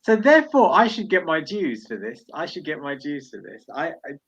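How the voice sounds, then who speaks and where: A man's voice: fairly high pitch, big pitch swings, fairly quick, lo-fi sound, noisy background. A man hosting an online comedy show, bantering in a jokey, sweary way. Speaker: show host. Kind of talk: casual chat.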